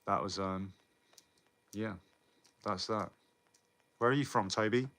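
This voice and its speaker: A man's voice: fairly low pitch, slow pace, fairly bright tone. A young British man chatting casually on a live stream, rambling, swearing often and answering viewer comments. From Britain. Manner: rambling, swears often, laughs between lines.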